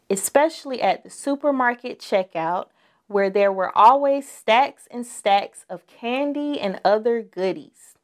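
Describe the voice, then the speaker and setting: A woman's voice: fairly high pitch, lively intonation, unhurried. A woman reading a picture book aloud to young children, stopping to ask them questions. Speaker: children's storyteller.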